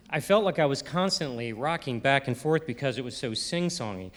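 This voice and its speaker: Speaking briskly with few pauses, the man's medium-pitched, expressive voice has a fairly bright tone. He's a middle-aged Marylander with a Baltimore accent, mimicking voices during a humorous timed presentation on an arts center stage before a live audience.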